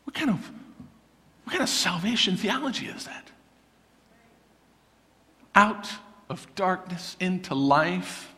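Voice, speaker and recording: High-pitched animated preacher man. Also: takes it slowly, long pauses, big-room sound. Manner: animated, conversational preaching with acted-out quotes. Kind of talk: sermon. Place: church sanctuary.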